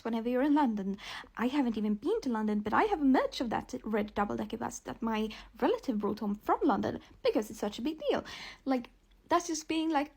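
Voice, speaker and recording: High, breathy, exasperated woman. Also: sing-song, a little fast, darkish tone. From Europe. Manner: exasperated and sarcastic. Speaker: vlogger. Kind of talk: casual rant to camera.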